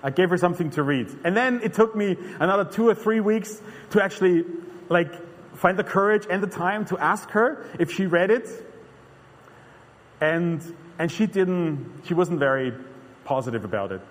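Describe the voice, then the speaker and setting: A man's voice: sits high, normal speed. A man preaching a sermon in an earnest, conversational way, often restarting his sentences. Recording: long hall reverb.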